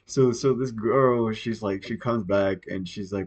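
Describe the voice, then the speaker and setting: A man's voice: fairly low pitch, moderate pace, hardly any pauses, muffled recording. A young man hosting a podcast, telling a story in a rambling, profane, casual way with plenty of fillers. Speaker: podcast host.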